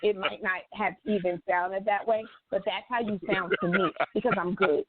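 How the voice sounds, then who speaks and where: A woman co-hosting a casual talk show, blunt and animated and swearing freely. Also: medium pitch, moderate pace, no echo. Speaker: co-host. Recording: dry tinny phone-like sound.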